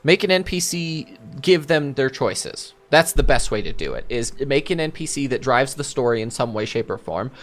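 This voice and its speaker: A man's voice: medium pitch, expressive, normal speed, hardly any pauses, fairly bright tone. Man thinking aloud as game master. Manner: thinks aloud, restarts sentences often; explains with examples from his own campaign. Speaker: game master answering viewer questions. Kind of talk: casual Q&A chat.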